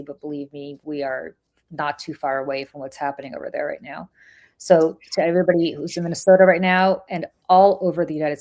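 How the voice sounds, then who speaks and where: A woman's voice: low-pitched, mellow. A woman from Russia with a Russian accent, co-hosting a casual political podcast and speaking in an impassioned, emphatic way with many restarts. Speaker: podcast co-host. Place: New York City.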